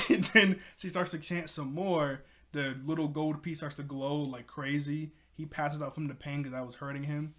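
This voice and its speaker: A young man talks through an anime episode in a loose, rambling recap. He leans on "like" and "you know" constantly and sounds like an eager fan. His voice sits a bit on the high side. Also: steady tone, normal speed, few pauses, a bit bright. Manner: enthusiastic fan. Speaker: anime reviewer.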